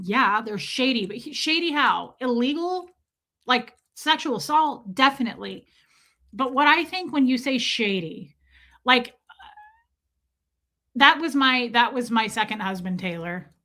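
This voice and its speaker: A woman's voice: on the high side, sharp tone. A woman hosting a casual livestream, reading viewer comments aloud and answering them in a chatty, profane, teasing way. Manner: playful exaggerated teasing. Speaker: livestream host.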